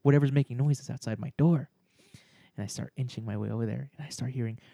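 Here a co-host on a relaxed podcast spins a yarn, cursing liberally and performing voices with lots of energy. He's a fast talker with a medium-pitched, creaky voice, recorded in studio quality with no room sound.

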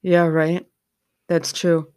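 A woman's voice: fairly low pitch, level tone, extremely slow, warm tone, clear, resonant tone, no room sound, studio quality. A middle-aged woman hosting a podcast, talking frankly and candidly from her own experience. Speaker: podcast host. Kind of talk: candid personal podcast talk.

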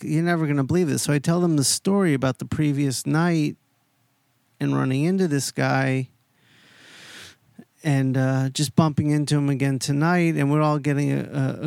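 A man hosting a podcast, telling a long story in a casual, animated way, heavy on swearing and quoted voices. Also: medium pitch, creaky, smooth, dry recording, studio quality. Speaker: podcast host.

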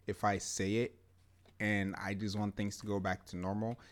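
Young guy, kinda low voice, casual podcast talk, emphatic, says yeah a lot. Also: flat delivery, normal speed. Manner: emphatic, repeats "yeah" and "to be honest". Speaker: podcast co-host. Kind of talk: casual chat.

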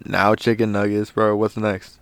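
A man's voice: fairly low pitch, monotone, moderate pace, clean tone, dry recording, studio quality. A tipsy man co-hosting a casual podcast, laid-back and goofy, saying bro a lot. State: intoxicated. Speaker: podcast co-host.

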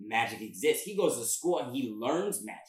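Male podcast co-host, mid pitch, rambly and emphatic, echoey room. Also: sing-song, a little fast. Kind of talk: casual chat. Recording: roomy echo.

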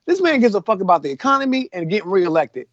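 High, animated man ranting profanely. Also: quick pace. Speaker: podcast co-host. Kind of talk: casual chat. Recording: dull, lo-fi dry recording.

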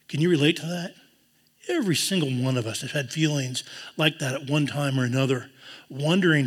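A man preaching a sermon, earnest, dropping to a hushed voice when he quotes tender words. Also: fairly high pitch, moderate pace, slightly rough. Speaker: pastor. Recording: long hall reverb.

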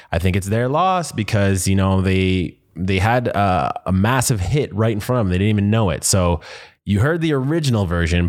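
Laid-back man hosting clip commentary. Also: lowish voice. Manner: laid-back, rambling with many fillers. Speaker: host. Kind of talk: casual commentary on clips.

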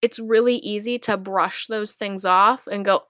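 A woman hosts her own podcast alone, speaking openly and reflectively in a relaxed, chatty way. Her voice sits at an ordinary middle pitch, and the recording is dry, with hardly any room sound. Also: unhurried, no room sound. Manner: candid, reflective, chatty with fillers. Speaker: podcast host. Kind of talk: casual solo podcast talk.

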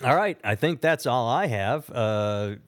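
A man's voice: mid-range voice, expressive, measured pace. A man co-hosting a podcast in casual chat, ranting with opinions and mocking quotes. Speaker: podcast co-host.

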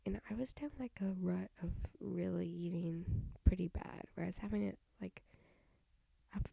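A woman's voice: on the low side, moderate pace, creaky, mellow, breathy edge, no room sound. A young woman with a stuffy nose hosting a casual solo podcast, rambling with half-whispered asides into a home mic. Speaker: podcast host.

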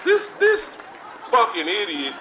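A man's voice: high-pitched, wildly swooping pitch, takes it slowly, heavily acted. A man playing a brash, cocky talk-show star who rants profanely, in a live comedic stage bit. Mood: swaggering rant. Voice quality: profane, swaggering delivery. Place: theater stage. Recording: distant live recording with crowd noise.

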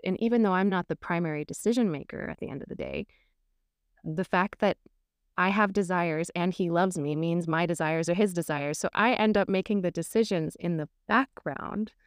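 A woman's voice: on the low side, normal speed, clear, resonant tone, dry recording, clean studio sound. A woman relationship coach talking frankly and candidly on a podcast, laughing often as she speaks.

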